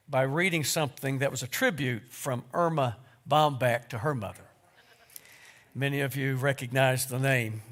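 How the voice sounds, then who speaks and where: A man preaching a sermon, unhurried, with small restarts and self-deprecating humor. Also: medium pitch, a bit bright.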